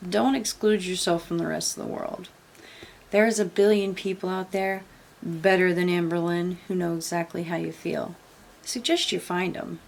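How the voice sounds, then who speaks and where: A woman's voice: fairly low pitch, gravelly, a little hiss or hum. A woman giving casual reaction commentary, blunt and sarcastic, swearing freely. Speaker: commentary YouTuber.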